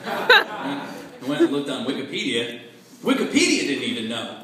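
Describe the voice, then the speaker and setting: A man doing a stand-up comedy set, deadpan with laughing asides, on a club stage. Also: mid-range voice, normal speed. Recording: echoey club with crowd laughter. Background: audience laughing.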